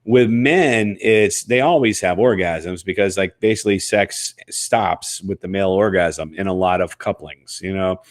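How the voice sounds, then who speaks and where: A man co-hosting a podcast, explaining at length with many fillers and restarts, his voice rough from sickness. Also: deep voice, measured pace, few pauses, no room sound. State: sick, rough voice. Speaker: co-host. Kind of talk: casual podcast chat.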